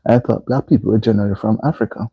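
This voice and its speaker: A man's voice: fairly low pitch, fairly even intonation, fast, husky, no echo, dull audio. A man hosting a casual live stream, reading viewer comments aloud and repeatedly asking people to like the stream. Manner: reads viewer comments aloud and keeps urging likes.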